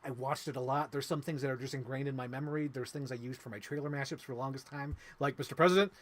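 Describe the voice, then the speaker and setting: This podcast co-host talks fast at a medium pitch that barely moves, with slight background noise in the recording. He's chatting about movies on a film review talk show, rambling and emotional, his speech full of fillers.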